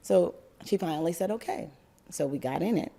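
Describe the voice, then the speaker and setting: An older woman from New York telling a personal story to an audience, animated and often laughing. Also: fairly low pitch, brisk, gravelly.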